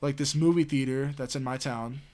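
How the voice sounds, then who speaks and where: A man's voice: mid-range voice, fairly even intonation, normal speed, a little mellow. Male streamer, Southwestern US. Casual, meandering chat with plenty of filler and cursing, mid-range voice. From Southwestern United States. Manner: rambling, full of "you know" and "like", swears freely.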